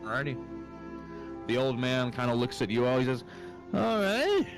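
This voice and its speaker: A man's voice: mid-range voice, level tone, a little fast, over music. A man narrating as game master, easygoing and full of fillers.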